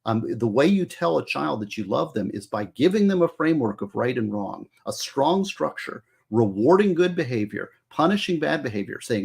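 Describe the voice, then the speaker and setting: Middle-aged guy, kinda husky, earnest and preachy, lots of restarts. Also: mid-range voice, big pitch swings, normal speed, few pauses, darkish tone. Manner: earnest, lecturing, many restarts. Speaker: former juvenile prosecutor, guest. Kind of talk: casual advice talk.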